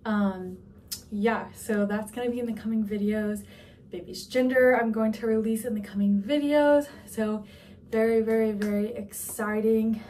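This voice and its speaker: A woman's voice: on the high side, moderate pace, warm tone, recorded from a distance, slight background noise. A young woman from Georgia, a little out of breath, chatting through a casual vlog update from her office. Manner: chatty, rambling with fillers. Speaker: vlogger. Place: office at work.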